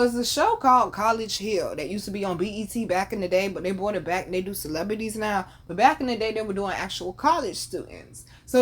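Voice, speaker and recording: A woman in her thirties hosting a podcast, telling a family story in casual, profane slang and laughing often. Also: a little high. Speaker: podcast host.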